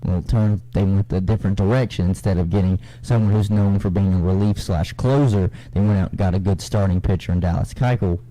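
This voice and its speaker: A young man co-hosting a casual radio sports talk show, reading standings in a relaxed, drawling way. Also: deep voice, brisk, few pauses, poor audio. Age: young adult.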